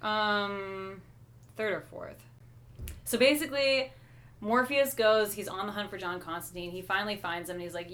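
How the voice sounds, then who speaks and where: A woman's voice: medium pitch, steady tone, moderate pace, a bit bright. A woman co-hosting a podcast, chatting casually and easily about a comic book with frequent fillers. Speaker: podcast co-host.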